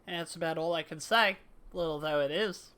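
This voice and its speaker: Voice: mid-range voice, fairly quick, a bit bright, clear, resonant tone, natural voice. A streamer voicing a gossipy merchant in an invented, made-up accent while reading game dialogue aloud.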